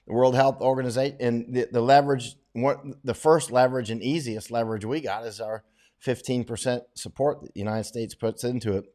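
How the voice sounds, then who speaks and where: A man's voice: medium pitch, fairly even intonation, brisk, darkish tone. A middle-aged man hosting a casual livestream, reading out viewer questions and giving rambling, opinionated answers with frequent restarts.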